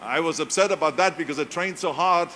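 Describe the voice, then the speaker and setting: A man's voice: fairly high pitch, a little fast, sharp tone, a little hiss or hum. A man with a German accent giving a motivational speech, emphatic and repeating key phrases. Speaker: speaker.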